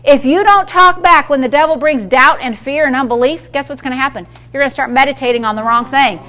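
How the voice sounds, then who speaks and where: A woman's voice: sits high, fairly quick, pushed and bright. A woman pastor preaching a sermon to a small group, emphatic and call-and-response, acting out dialogue with the devil.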